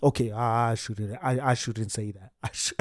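A man with a South African accent telling a comic story in an animated way, dropping in Xhosa exclamations. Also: fairly low pitch, moderate pace, dry recording, studio quality.

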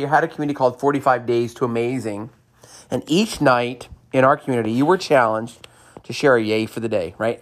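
A man hosting a motivational podcast, cheering listeners on with repeated upbeat lines and a personal story. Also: medium pitch. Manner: enthusiastic, sing-song cheerleading repetition.

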